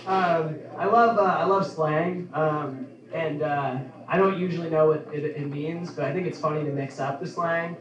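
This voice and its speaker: A young adult man performing a stand-up comedy set in a club, in an offhand, halting delivery full of ums. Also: a little high. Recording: echoey club from a distance.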